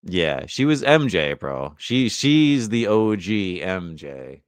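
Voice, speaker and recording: A man's voice: low voice, big pitch swings, slow, clean tone, dry recording. A man hosting a casual livestream chat, laid-back and teasing with crude banter. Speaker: host.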